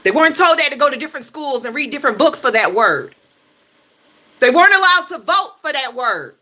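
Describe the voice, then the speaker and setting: A young woman from the United States streaming live and ranting, her voice high and sharply bright. She is blunt and emphatic, swears freely and drives each point home by repeating it. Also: very animated, a little fast. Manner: blunt, emphatic and profane, hammering points with repetition. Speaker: livestream host. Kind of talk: heated livestream rant.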